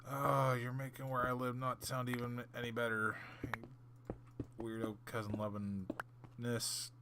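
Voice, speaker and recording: A man hosting a gaming channel speaks in a medium-pitched voice with flat delivery and a measured pace, background noise audible. Casually telling a long story over gameplay, he rambles through fillers and restarts, now and then muttering a whispered aside.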